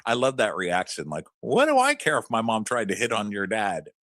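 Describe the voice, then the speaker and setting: A man co-hosting a casual recap chat, animated and laughing, acting out quotes in high shrieks. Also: a little fast, no echo, clean studio sound. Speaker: podcast co-host.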